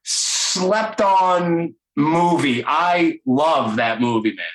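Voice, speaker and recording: A man hosting a podcast, talking in a casual, enthusiastic ramble full of swearing. His voice sits a little high for a man. The sound is roomy and echoey. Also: extremely slow. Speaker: podcast host. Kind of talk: casual interview chat.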